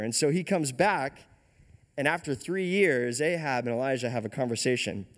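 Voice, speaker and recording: A male pastor telling a scripture story in a lively, slangy way, often repeating words as he goes. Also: medium pitch, normal speed, long reverb tail.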